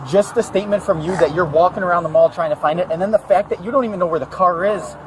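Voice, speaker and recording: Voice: medium pitch, fast, a crowd in the background. A police officer firmly confronting a parent about leaving children in a car, recorded outdoors on a body camera. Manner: firm, confrontational. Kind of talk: questioning a suspect. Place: outdoors in a mall parking lot.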